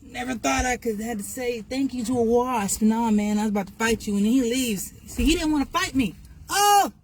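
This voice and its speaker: A woman hosting a casual livestream outdoors by her car. She talks in an animated way, often laughs and chats to her viewers over a phone. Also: on the high side, normal speed, slight background noise. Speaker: livestream host.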